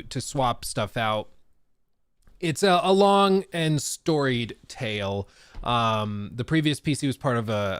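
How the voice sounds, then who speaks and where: The man's voice is medium-pitched, smooth and fairly bright, with no echo and clean studio sound. He chats about gaming news on a stream, casual and jokey, while coming down with a cold. Expect rambling, self-deprecation and many restarts.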